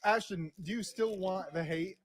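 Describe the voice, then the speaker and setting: A man's voice: sits high, normal speed. A man reading out viewer comments on a livestream with dry, teasing delivery. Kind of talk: casual group chat on a livestream.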